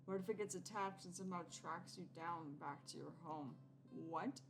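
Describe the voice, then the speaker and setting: A woman playing through a game, reading its text aloud and reacting to it in an animated way. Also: fairly low pitch, normal speed, over music. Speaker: gameplay streamer.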